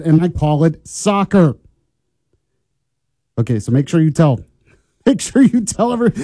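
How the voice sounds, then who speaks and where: A man's voice: a little high, dark tone, no room sound. A man hosting a morning talk radio show, chatty and opinionated, teasing listeners and colleagues. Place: radio studio.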